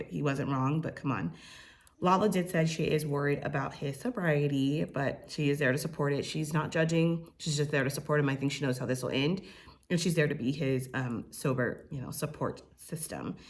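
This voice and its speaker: A young woman with a low voice talks through a reality show episode in a loose, chatty way. She is opinionated and full of fillers, and now and then she mimics the cast in a higher voice. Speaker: recap host. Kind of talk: casual reality TV recap.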